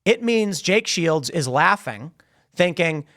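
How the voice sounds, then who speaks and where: A man's voice: on the high side, lively intonation, takes it slowly, a bit bright. A man hosting a podcast, delivering an emphatic, mocking commentary monologue and repeating phrases for effect into a studio microphone. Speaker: podcast host.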